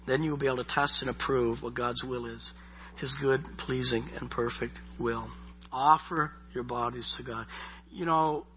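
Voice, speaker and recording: A man's voice: mid-range voice, a little hiss or hum. A middle-aged man preaching a sermon in a loose, conversational way, often repeating himself and saying "you know". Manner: conversational, repeats words, many you-knows. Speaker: pastor. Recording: dull lo-fi sound.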